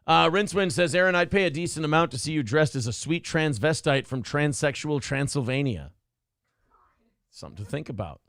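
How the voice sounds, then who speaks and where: A man's voice: a little high, expressive, brisk, a bit bright, no room sound, studio quality. A man hosting a casual live show, joking crudely and reading out viewer messages. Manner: joking, reads chat messages aloud.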